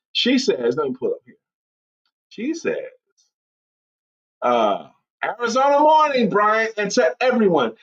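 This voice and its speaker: A man hosting a live online show, casually chatting, reading viewer comments and telling stories with lively impressions. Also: high voice. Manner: animated storytelling, bursts into loud impressions. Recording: lo-fi dull sound.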